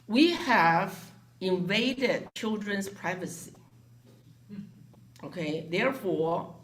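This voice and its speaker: A woman telling a story to a gathering, acting out the voices of the people she quotes. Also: on the low side. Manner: animated, acts out quoted voices. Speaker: foundation director.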